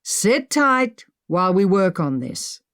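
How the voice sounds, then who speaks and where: A woman voicing a steady man who speaks slowly and forcefully, in an audiobook. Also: mid-range voice, clear, resonant tone, no room sound, studio quality, full character voice. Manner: slow, forceful delivery. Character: steady man calling from above.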